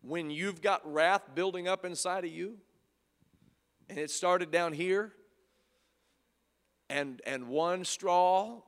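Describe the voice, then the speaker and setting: A male preacher delivering a sermon, swinging between loud fervor and hushed softness and repeating phrases. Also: sits high, vocal fry. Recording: long hall reverb.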